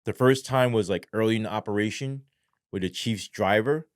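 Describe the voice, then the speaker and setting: A man with a fairly low voice telling his story in an interview. He speaks bluntly and casually, swears often, and keeps checking in with "right?". The recording is close and dry. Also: moderate pace, no room sound. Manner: blunt, heavy swearing, frequent "right?" asides. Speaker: podcast guest, former police sergeant.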